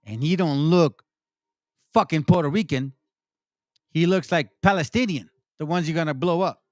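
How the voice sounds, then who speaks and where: A man's voice: a little high, moderate pace, darkish tone, dry recording, studio quality. A man hosting a commentary video, ranting angrily and mockingly over played clips, swearing heavily and laughing. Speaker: commentary channel host.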